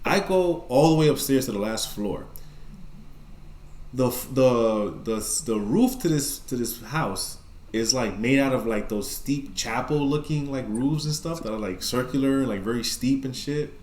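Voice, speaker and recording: A man's voice: medium pitch, unhurried, echoey room. A man with a New York accent telling a story casually, with lots of swearing and filler words. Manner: profane, animated storyteller, many fillers. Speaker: podcast guest telling a story.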